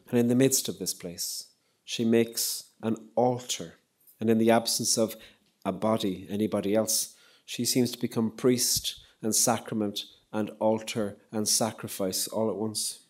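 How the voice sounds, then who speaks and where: Guy lecturing on poems, kinda low voice, slow thoughtful pauses. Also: steady tone, darkish tone. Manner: measured and reflective, with frequent pauses. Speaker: lecturer and poet. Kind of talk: public lecture with poetry reading. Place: lecture hall.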